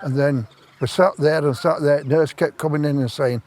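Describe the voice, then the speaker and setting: A man's voice: fairly high pitch, fairly even intonation, normal speed, darkish tone. A man, telling a long personal story in plain-spoken, rambling speech. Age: 70s. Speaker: stranger on a park bench. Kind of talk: casual storytelling. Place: park bench outdoors.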